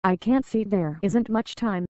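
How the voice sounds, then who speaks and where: Woman doing a cool calm android lady, measured and even, dull dry audio. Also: mid-range voice, dry recording, natural voice. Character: calm enigmatic blonde female android.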